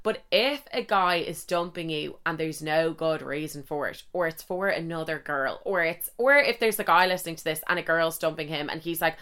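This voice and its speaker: A young woman talks straight to her listeners in a loose, candid podcast style, swearing freely and acting out little quoted asides. Her voice sits a bit low but comes across bright and forceful, with a smooth, crisp clarity. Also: normal speed, few pauses. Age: young adult. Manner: chatty, frank and swearing, with lively quoted asides. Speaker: podcast host. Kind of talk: casual solo podcast chat.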